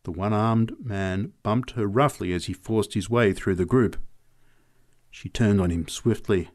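A man narrating short stories aloud in an expressive reading voice. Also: on the low side, a little slow. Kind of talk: story reading.

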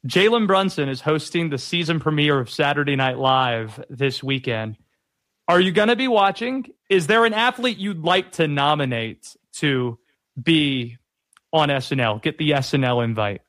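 A man's voice: fairly high pitch, expressive, normal speed, a bit bright, no room sound. A man hosting a sports-talk radio show, chatting in an easygoing way and laughing often. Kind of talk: casual radio banter.

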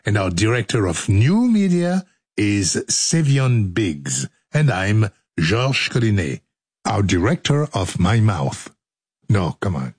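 A man's voice: fairly low pitch, a little mellow, husky, dry recording. An older man hosting a radio show, clowning through studio outtakes in a playful, joking way. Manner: playful, clowning, breaks into silly singing and laughs.

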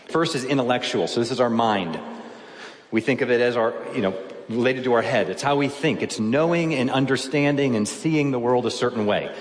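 A male pastor delivering a sermon, explaining scripture patiently and posing questions to his listeners. His voice sits at an ordinary middle pitch. It carries through a large hall with a long, echoing reverb. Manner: teaching, explaining verses step by step with rhetorical questions.

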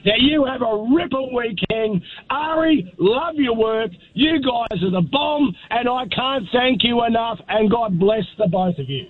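A man's voice: extremely high pitch, lively intonation, a little slow, hardly any pauses, no room sound. A man from Australia with an Australian accent, calling into a radio show in an upbeat, effusive way. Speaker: caller. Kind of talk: casual phone-in chat. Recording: husky tinny phone line.

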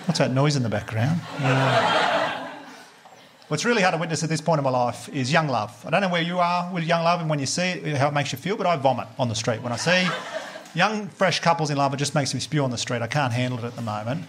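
An Australian man doing a stand-up comedy set, telling crude stories in a deadpan way and quoting other people's voices. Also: a little high, quick pace, very noisy. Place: comedy club stage before a live audience. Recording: live stage mic, loud crowd laughter. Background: audience laughter.

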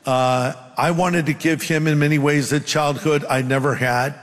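Older man, pastor, earnest sermon delivery, slightly high pitch, echoing hall. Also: steady tone, moderate pace. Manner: earnest, conversational preaching with asides. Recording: long hall reverb.

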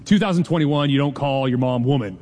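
A man's voice: mid-range voice, darkish tone. Man in his forties preaching in a reverberant hall. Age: 40s. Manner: conversational preaching, jokes with the congregation, quick asides. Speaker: pastor. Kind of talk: sermon.

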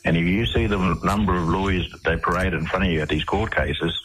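A man's voice: low-pitched, fast talker, fairly bright tone, slight background noise, low-quality recording. An Australian man, a guest on a radio interview, telling his story casually with many restarts and repeated words.

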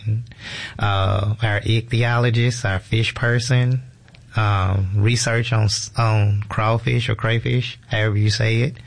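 Gravelly low-voiced man explaining. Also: little pitch movement, unhurried. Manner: informal, explanatory, frequent fillers and restarts. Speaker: museum educator guest. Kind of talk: casual radio interview.

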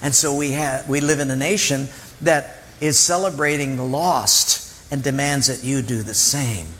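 At a measured pace and in a mid-range voice, a man preaches in a church, with a little hiss or hum and long hall reverb on the recording. He tells illustrative stories animatedly, acting out the voices of the people in them.

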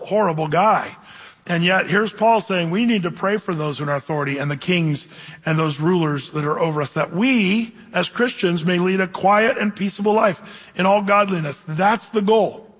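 A male pastor preaching a verse-by-verse sermon in an animated, conversational way, asking the congregation questions. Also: sits high, a little fast, husky, in a large hall.

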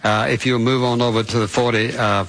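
A man's voice: mid-range voice, little pitch movement, brisk, fairly bright tone, poor audio. A man preaching a sermon, retelling scripture in his own words and speaking to the congregation directly. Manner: asks listeners to picture it as parents and children.

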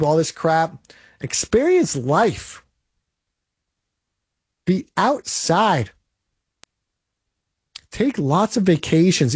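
A man's voice: a little high, a little mellow, husky, no room sound, clean studio sound. Emphatic man giving a pep talk. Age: 40s. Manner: emphatic, blunt and pep-talking, with rhetorical "right?". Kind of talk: motivational monologue.

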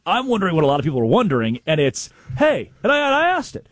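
Excitable husky-voiced man telling sports stories. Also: high-pitched, quick pace, hardly any pauses, no room sound. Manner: excitable storyteller, mimics coaches with sudden loud outbursts. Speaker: sports show co-host. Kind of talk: animated sports talk.

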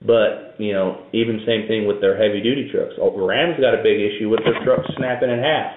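A low-pitched man rambles knowledgeably through his explanations, circling back with fillers and restarts. His voice comes through a thin, phone-like channel. The room around him sounds echoey. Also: fairly even intonation, a little fast, slight background noise. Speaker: guest expert on trucks and towing. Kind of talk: casual interview talk. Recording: echoey room over a tinny phone-like line.

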